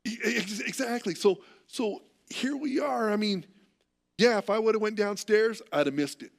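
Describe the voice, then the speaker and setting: A middle-aged American man preaching a sermon as pastor, telling stories in an animated way and often repeating words. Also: sits high, normal speed, vocal fry.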